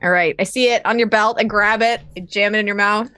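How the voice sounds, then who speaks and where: A woman playing a tabletop game, describing her character's actions in a brisk, matter-of-fact way. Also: medium pitch, steady tone, sharp tone, smooth, no room sound, clean studio sound. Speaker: player. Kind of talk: tabletop role-play.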